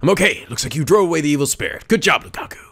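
A man's voice: fairly high pitch, expressive, rapid-fire, a bit bright. A man hosting a let's play, reading a visual novel aloud with playful, theatrical delivery, often giggling.

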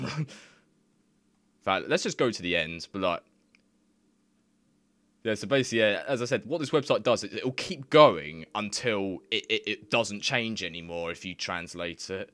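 A man's voice: on the low side, animated, a little slow, long pauses, a bit bright, dry recording. A young man giving casual, rambling commentary on his screen, laughing often and swearing freely. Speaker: YouTuber.

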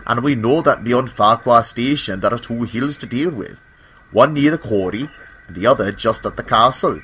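A man's voice: medium pitch, fairly bright tone, a little hiss or hum, natural voice. A man voicing a nervous, hesitant old male steam engine in a storybook tale. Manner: timid, hesitant.

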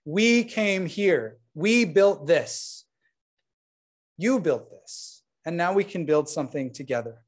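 A man's voice: a little high, animated, takes it slowly. A man serving as rabbi, giving an earnest installation sermon with asides to his congregation. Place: synagogue sanctuary.

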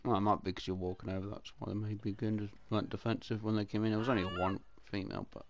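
A man's voice: on the low side, level tone, fast talker, background noise. A man hosting casual co-op gameplay, chatty and puzzled, with some mild swearing. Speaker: gaming channel host.

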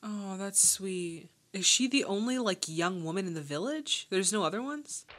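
A young woman hosting a casual movie reaction, gushing and excitable with slangy remarks. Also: medium pitch, normal speed, a little hiss or hum.

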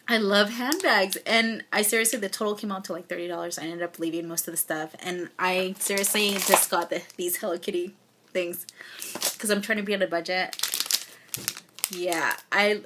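A woman's voice: medium pitch, noisy background. Gushing young woman unboxing gifts. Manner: gushing, effusive, often near tears. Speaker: vlogger. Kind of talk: casual unboxing vlog. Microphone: phone or camera mic.

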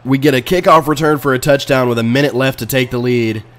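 Excitable man narrating his own gameplay. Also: medium pitch, fast talker. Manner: excitable, swings from muttering to sudden loud outbursts. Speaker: video game player and channel host. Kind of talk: casual let's-play commentary.

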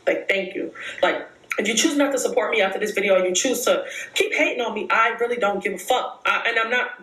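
Fast-talking woman in her twenties, blunt. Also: medium pitch, fairly bright tone, echoey room. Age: 20s. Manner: blunt, heavy swearing, repeats herself for emphasis. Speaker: vlogger. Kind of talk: casual monologue to viewers.

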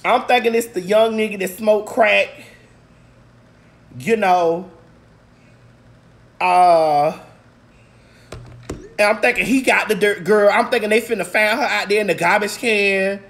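A woman in a casual, profane vlog rant recapping a movie, swinging between shouts, laughs and low mutters, a little congested. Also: a little slow, pauses often. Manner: talks straight to viewers. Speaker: vlog host.

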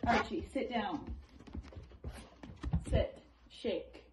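A woman in her twenties vlogging at home, giving her dog commands in a raised pet-talk voice and chatting quietly to the camera. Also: medium pitch, drawn-out words, noisy background. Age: 20s. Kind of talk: casual vlog, training her dog. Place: home, indoors.

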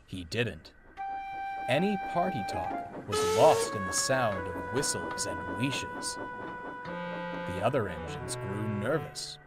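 A man narrating a storybook tale in a slow, measured way. His pitch moves up and down with lively shaping. Loud music plays under him throughout.

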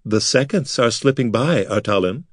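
A man voicing a cruel, scheming male noble who mocks his enemies in a smooth, theatrical manner. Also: mid-range voice, sing-song, normal speed, dry recording, clean studio sound. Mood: mocking menace.

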